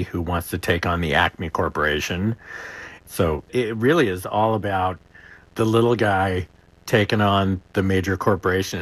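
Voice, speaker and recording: A man's voice: lowish voice, a bit bright, no echo. A man being interviewed as an actor guest, talking in a chatty way with frequent chuckles and restarts.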